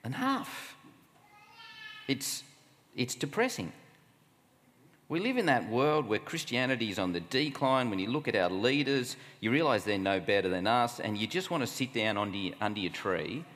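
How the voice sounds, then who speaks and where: An Australian camp speaker delivers his sermon conversationally, posing one rhetorical question after another. His medium-pitched, fairly bright voice rings out with long hall reverb.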